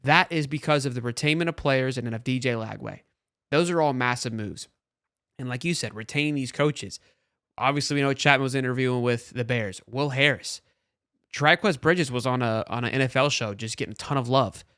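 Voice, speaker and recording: A man hosting a sports talk show, talking in a casual, animated way with frequent restarts. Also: medium pitch, clean tone, dry recording, studio quality. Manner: animated, talks fast with restarts.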